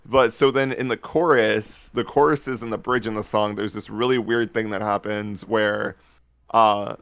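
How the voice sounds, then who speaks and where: A man with a fairly low, clean voice co-hosts a laid-back podcast. He rambles along in an animated way and breaks into laughs. The sound is close and dry. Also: a little slow, smooth, no room sound. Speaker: podcast co-host. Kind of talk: casual chat.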